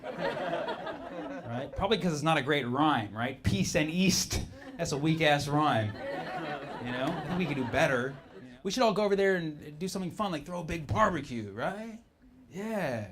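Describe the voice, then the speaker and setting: Brash high-voiced stand-up comic man. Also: lively intonation, moderate pace, crowd noise. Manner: brash, shouting punchlines, swearing. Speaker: stand-up comedian. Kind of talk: stand-up comedy set. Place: comedy club stage with live audience. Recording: live club recording with audience noise.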